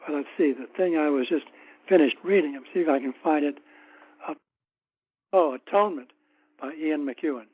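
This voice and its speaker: A man as an author guest in a casual interview, telling anecdotes in an unhurried, wry way. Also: fairly high pitch, slightly rough. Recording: tinny phone-like line.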